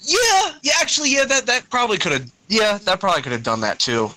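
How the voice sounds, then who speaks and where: A man's voice: sits high, big pitch swings, quick pace, bright, forceful tone, no echo, rough recording. A man co-hosting a podcast, chatting enthusiastically and loosely about wrestling, swearing now and then. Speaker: podcast co-host. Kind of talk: casual wrestling review chat.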